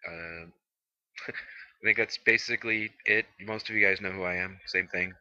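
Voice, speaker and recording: Male radio host, casual, bright tone, dull muffled chat line. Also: sits low, fairly even intonation, normal speed, a little hiss or hum. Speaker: internet radio host and newsletter editor.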